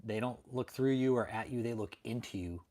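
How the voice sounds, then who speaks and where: A man's voice: medium pitch, fairly quick, darkish tone. Laid-back man chatting on a livestream. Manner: laid-back, profane, laughing a lot. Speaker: livestream host. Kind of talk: casual chat.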